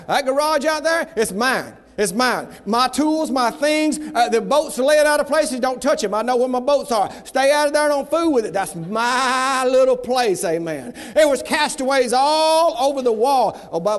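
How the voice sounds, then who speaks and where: High-pitched country preacher guy from the south, shouting then going quiet, long echo off a big church hall. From American South. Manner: folksy, alternating shouting and hushed lowering. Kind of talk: fiery revival sermon. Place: church sanctuary. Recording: long reverb of a large hall.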